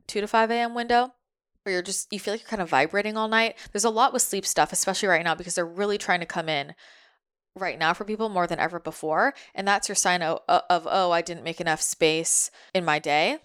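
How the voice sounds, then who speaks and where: A woman's voice: lowish voice, fairly bright tone, smooth. A young adult woman speaking casually as a spiritual medium, chatty and full of fillers, passing on what her spirit guides are telling her.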